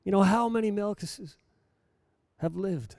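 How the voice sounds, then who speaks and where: A man preaching a sermon to a congregation, dropping to a hush and then rising loud, repeating rhetorical questions. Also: sits high, unhurried, gravelly, no room sound, studio quality. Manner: dramatic preaching, swings between hushed and loud.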